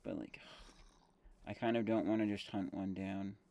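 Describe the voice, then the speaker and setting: A man's voice: sits low, fairly even intonation, a little slow, creaky, warm tone. A man casually commentating his game stream, thinking aloud with fillers and self-corrections while chewing gum.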